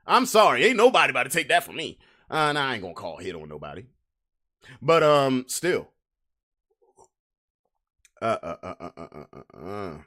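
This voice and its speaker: A man hosting a casual livestream podcast, reading memes to his chat with drawn-out emphatic delivery, loose slang. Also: on the high side, a bit bright.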